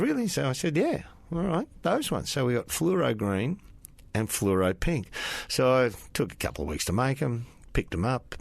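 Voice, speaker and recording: A middle-aged Australian man, a former footballer, telling anecdotes in a casual interview and acting out quoted lines with sudden jumps in pitch. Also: creaky, no echo.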